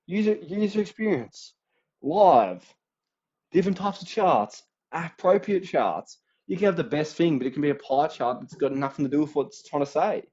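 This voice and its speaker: A man's voice: a little high, animated, moderate pace, darkish tone, husky, dull audio. A young Australian man in his late teens giving a casual, slangy exam revision rundown, acting out little quoted voices as he goes.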